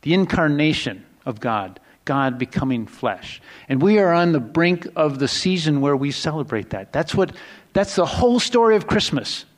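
A man preaching a sermon in a loose, conversational way, often restarting sentences and dropping to hushed asides before rising into excited emphasis. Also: fairly high pitch, moderate pace. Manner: conversational, rambling with restarts and self-corrections. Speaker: pastor.

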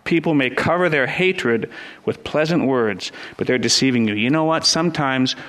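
A man's voice: mid-range voice, a bit bright. A middle-aged man preaching a sermon as pastor, earnest and building to fervent emphasis, with frequent restarts.

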